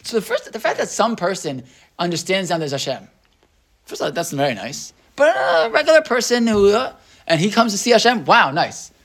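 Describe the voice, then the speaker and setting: A man leads a casual scripture class, his voice sitting a little high. He rambles, restarts his sentences and keeps checking in with his listeners. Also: big pitch swings, brisk. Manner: rambling, many restarts and tag questions. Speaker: Torah teacher.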